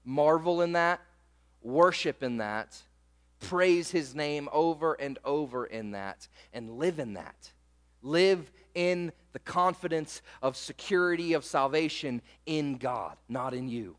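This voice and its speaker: Man, pastor, high voice, emphatic sermon delivery, long church-hall reverb. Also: expressive. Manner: emphatic preaching, slows down to read scripture.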